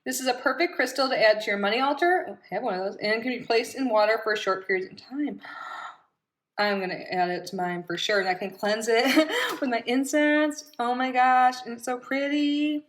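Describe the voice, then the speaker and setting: In a small room at home, a Florida woman films a casual unboxing vlog, bubbly and gushing with frequent giggles. Her voice is on the high side and brisk, and the recording quality is low.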